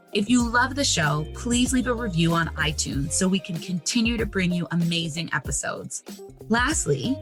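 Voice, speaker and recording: A woman hosting a podcast, speaking gently and earnestly in a reflective monologue that encourages the listener. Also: medium pitch. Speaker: podcast host, psychologist.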